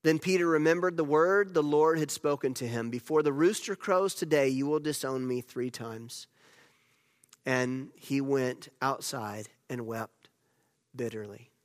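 A male pastor preaching a sermon as a storyteller, with loud emphatic moments and hushed, near-whispered passages. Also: medium pitch, measured pace. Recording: long hall reverb.

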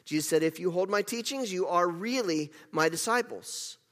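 High-voiced male pastor preaching emphatically. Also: animated, normal speed, a bit bright, big-room sound. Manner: earnest, emphatic preaching with self-deprecating asides. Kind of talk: sermon.

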